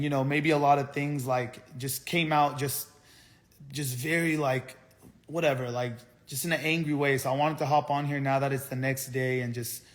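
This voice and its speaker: A man's voice: high-pitched, fairly bright tone. A young man on a phone live stream who rants with agitation, swears often and keeps repeating himself. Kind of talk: casual live-stream rant.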